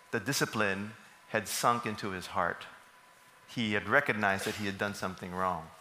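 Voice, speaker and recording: A man's voice: lowish voice, bright, forceful tone, slight background noise. A man, preaching a sermon and putting questions to the congregation that he answers himself. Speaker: pastor. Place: church service hall. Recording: echoey hall.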